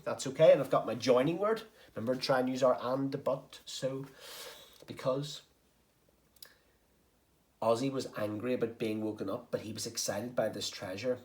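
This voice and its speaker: A man's voice: mid-range voice, moderate pace, long pauses, darkish tone. A man teaching a recorded writing lesson to young pupils, explaining step by step and encouraging them. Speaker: primary school teacher. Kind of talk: recorded home-learning lesson.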